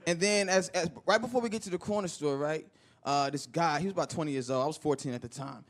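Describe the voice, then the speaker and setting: A man performing a stand-up comedy set, telling stories with animated delivery, loud bursts and acted-out voices. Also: sits high, fast, some chatter behind. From Chicago. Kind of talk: stand-up set before a live audience. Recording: live club set with audience laughter.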